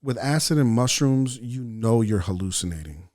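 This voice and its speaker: A man's voice: medium pitch, lively intonation, moderate pace, darkish tone. A middle-aged man from El Salvador, a podcast guest, telling a long story in casual chat, full of swearing, and acting out his own thoughts as he goes. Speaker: podcast guest, actor and writer.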